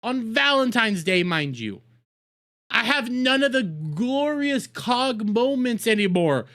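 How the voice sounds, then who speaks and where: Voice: mid-range voice, sing-song, slow, fairly bright tone. A streamer giving casual reaction commentary in crude, profane, mocking rants.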